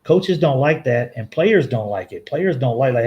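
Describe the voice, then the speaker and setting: A man's voice: medium pitch, lively intonation, lo-fi sound. Rambling man hosting a live sports chat. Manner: rambling, halting restarts, frequent self-corrections; laughs easily, chats with viewers. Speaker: fan show host reading live chat. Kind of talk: casual live-stream sports talk.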